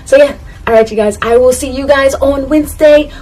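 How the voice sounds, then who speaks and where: A YouTuber ranks anime catchphrases, her high-pitched, darkish voice moving fairly quickly over faint background music on a poor recording. Casual and rambling, she laughs at herself, addresses her viewers straight on and asks for their comments.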